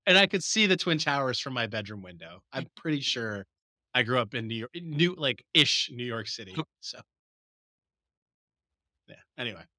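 Jersey guy cohosting a pod, rambly and chatty, bright voice, dry mic. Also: mid-range voice, big pitch swings, normal speed, no room sound. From New Jersey. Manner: chatty, rambling, lots of fillers. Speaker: podcast co-host. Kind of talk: casual podcast chat.

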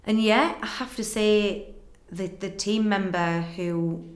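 A young woman, a guest in an interview, earnestly tells a personal story and acts out conversations in quick back-and-forth. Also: medium pitch, fairly even intonation. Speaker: guest telling her story. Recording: roomy echo.

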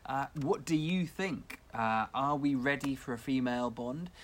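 A man's voice: mid-range voice, moderate pace. A man co-hosting a casual community radio chat, reading out listener comments with lots of restarts. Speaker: co-host.

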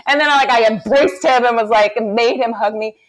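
A mother chatting casually as a podcast co-host, telling an animated story with lots of fillers. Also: fairly high pitch, brisk. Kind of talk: casual chat.

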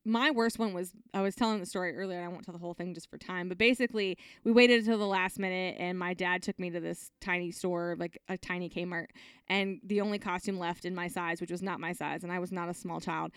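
Chatty woman in her forties, smooth voice. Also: on the low side, quick pace, dry recording, clean studio sound. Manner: chatty, animated storyteller with fillers. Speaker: podcast co-host, mother. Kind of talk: casual chat.

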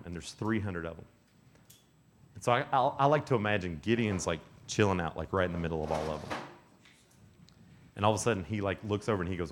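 A man in his thirties, a youth pastor telling a lively camp sermon story full of acted-out voices. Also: low-pitched. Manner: animated, acts out characters, many "like"s.

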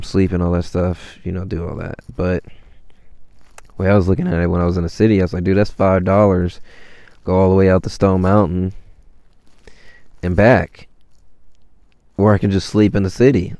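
Low raspy young dude rambling about his trip, slangy and swearing, dry close sound. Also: mellow, no room sound. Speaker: traveler telling his story. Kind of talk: casual storytelling.

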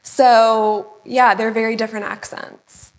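A woman's voice: on the high side, flat delivery, low-quality recording. A woman, co-hosting a podcast in casual chat and asking teasing questions. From southern United States. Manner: quick, teasing questions with frequent laughs. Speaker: podcast co-host.

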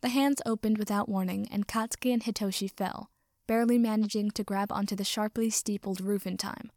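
A woman narrating fan fiction aloud in a measured, even storytelling voice. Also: mid-range voice, no echo, clean studio sound.

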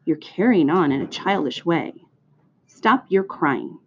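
Charlotte, a brisk, wise spider, read by a woman. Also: on the low side, expressive, slight background noise. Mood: firm. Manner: brisk, firm and measured. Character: calm, brisk grown female spider, wise and firm. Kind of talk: reading a storybook aloud. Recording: dull lo-fi recording.

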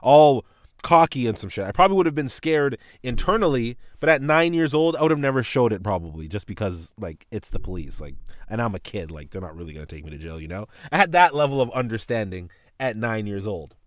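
Recorded in clean studio sound with no room tone, a man hosting a podcast speaks fairly quickly in a voice on the low side. He recounts a childhood story in a casual, profane, animated way, doing voices for his teacher and mom.

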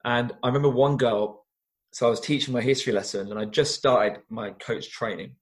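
A young man, a former teacher and youth coach, telling stories in an interview in an earnest, animated way with frequent restarts. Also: medium pitch, a little fast. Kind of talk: conversational interview storytelling.

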